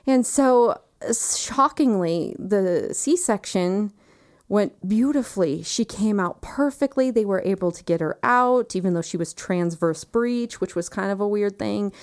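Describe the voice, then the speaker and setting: A woman in her thirties, earnest and reflective, telling a personal story in conversation and often dropping quiet. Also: mid-range voice, unhurried. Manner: earnest and reflective, quiet moments with soft laughs.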